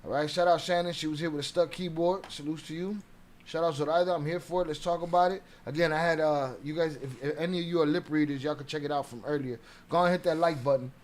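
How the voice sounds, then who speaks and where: A man's voice: on the high side, steady tone, fast. A man hosting a casual livestream, talking animatedly and profanely while greeting viewers from the chat. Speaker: livestream host.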